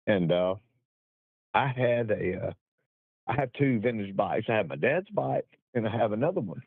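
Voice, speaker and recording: A man's voice: lowish voice, expressive, moderate pace, slightly rough, no room sound. Rambling, salty man on a thin line. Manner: rambling, salty, self-mocking with laughs. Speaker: guest telling racing stories. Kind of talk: casual storytelling. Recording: dry, thin phone-like line.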